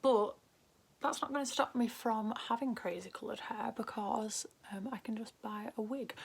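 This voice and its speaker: A young woman with a Northern English accent chatting casually while doing her makeup. She rambles, often drops into soft half-whispers, and lifts her voice at the end of sentences. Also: on the high side, moderate pace, vocal fry, breathy edge. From Northern England. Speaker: beauty vlogger.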